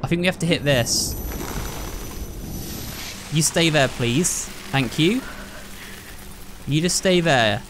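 A man's voice: a little high, slow, pauses often, background noise. A man commentating on a horror game, frightened and jumpy, talking to his viewers. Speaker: gamer.

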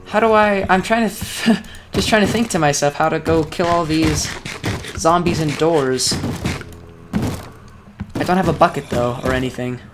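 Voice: mid-range voice, moderate pace, long pauses, background noise. Exasperated young gameplay commentator. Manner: self-critical, exasperated talk to self. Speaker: let's play creator.

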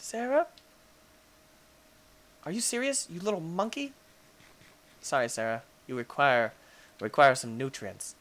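A man hosting a gaming channel, giving excitable Let's Play commentary and cooing baby talk at his pets. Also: a little high, unhurried, pauses often.

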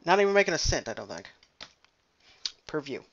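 A young man does casual let's play commentary on a game he's playing, rambling, joking, swearing, and trailing off. His voice is fairly high and sing-song with vocal fry, brisk in pace, recorded lo-fi.

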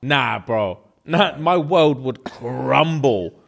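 A man, co-hosting a casual podcast, with quick exclamatory reactions. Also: medium pitch, lively intonation, gravelly. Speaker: podcast co-host.

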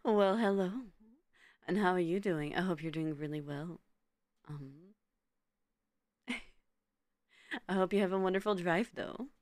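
A woman's voice: fairly low pitch, measured pace, long pauses, a little mellow, dry recording, clean studio sound. A woman streamer chatting casually with her viewers, giggling often and stumbling over repeated words.

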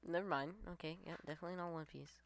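A woman giving live gameplay commentary, excitable, swearing and trash-talking her opponents. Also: sits low, very fast, slight background noise. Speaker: gamer streamer.

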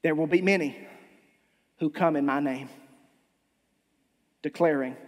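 A man's voice: fairly high pitch, measured pace. A male pastor preaching a sermon, impassioned and emphatic, stumbling over repeated restarts, heard in a church with long reverb.

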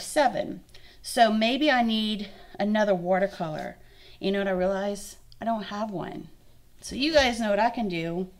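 A young woman art teacher walks children through a craft lesson in a friendly, encouraging way. She thinks aloud as she demonstrates, and her voice sits at a middling pitch. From Louisiana. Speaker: art instructor.

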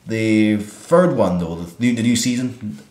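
Lowish voiced guy gushing about a show, lots of likes and ums, roomy sound. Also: lively intonation, measured pace, darkish tone. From Scotland. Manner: enthusiastic, lots of fillers. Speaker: co-host. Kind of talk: casual chat. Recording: echoey room.

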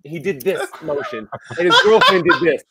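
Animated man telling a story, lively pitch. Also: moderate pace, very noisy. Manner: animated storyteller, swears freely. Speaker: podcast co-host. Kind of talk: casual chat.

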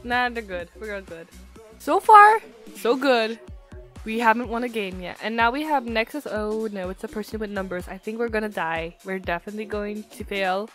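A woman's voice: mid-range voice, fairly quick, faint music behind. A young woman giving casual gameplay commentary, hyper and giggly, slightly altered pronunciation from a retainer. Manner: hyper, giggly, excitable, swings between loud shrieks and muttering. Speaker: gaming YouTuber. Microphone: desktop mic, no face cam.

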